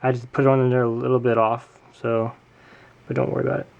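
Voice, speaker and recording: A chatty man walks through a craft build in a casual tutorial, full of little asides and self-corrections. His voice has a gravelly, fry-edged texture at a mid pitch. He sounds like he's talking into a camera mic at a home work table. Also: level tone, fast, a little mellow, highs cut off. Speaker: tutorial host.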